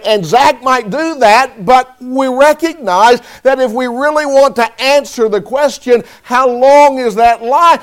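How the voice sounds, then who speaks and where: A man preaching a sermon, speaking deliberately and calling on listeners by name. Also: very high voice.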